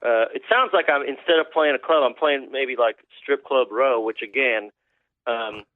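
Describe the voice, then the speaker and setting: A man's voice: mid-range voice, normal speed, no echo. A man, a country musician guest, telling rambling, profane stories in a casual interview. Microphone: phone call. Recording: tinny phone line, dry.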